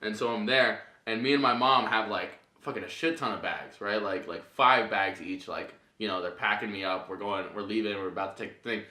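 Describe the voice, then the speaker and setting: A young man co-hosting a podcast in casual chat, blunt and quick to swear. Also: on the low side, sharp tone. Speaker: podcast co-host. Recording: roomy echo.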